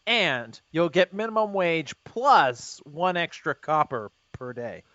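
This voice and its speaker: A man's voice: fairly high pitch, sing-song, slow, pushed and bright, no echo, heavily acted. A man playing a pompous, stingy factory boss. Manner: pompous and bossy. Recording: dry, dull lo-fi sound.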